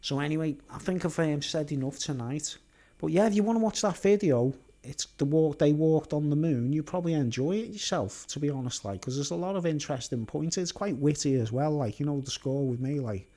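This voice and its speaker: Man, chatty rambling storyteller, slightly high pitch. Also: animated, a little fast, warm tone. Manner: rambling, filler-heavy, laughs often. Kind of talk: rambling casual monologue.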